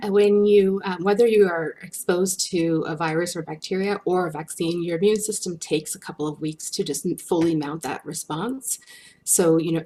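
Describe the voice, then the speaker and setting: A woman's voice: on the low side, dark tone. A woman speaking as a research guest in a webinar, answering questions with frequent fillers and restarts. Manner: hesitant, many restarts and fillers.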